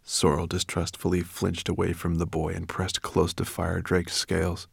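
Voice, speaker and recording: A man narrating a story in an expressive, dramatic way. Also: sits low, normal speed, creaky, breathy edge, no room sound, studio quality. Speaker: audiobook narrator. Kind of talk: scripted narration.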